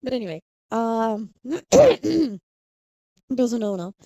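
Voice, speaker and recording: A woman's voice: a little high, very animated, takes it slowly, creaky, warm tone, dry recording. A young woman chatting casually on a live stream, rambling and restarting her sentences, often laughing. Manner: rambling, self-interrupting, giggly. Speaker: livestreamer.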